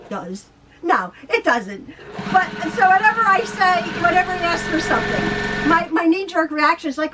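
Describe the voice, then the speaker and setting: A woman's voice: extremely high pitch, sing-song, normal speed. Chatty woman teaching quilting over sewing machine. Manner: rambling, laughs often, talks to herself. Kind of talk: chatty home sewing tutorial. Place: home sewing room. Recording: sewing machine noise behind her.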